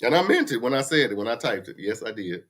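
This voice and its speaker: A man's voice: mid-range voice, very animated, fast talker, a bit bright. A man, hosting a casual livestream chat, ranting bluntly with profanity. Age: 50s. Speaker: livestream host. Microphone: computer mic for a livestream.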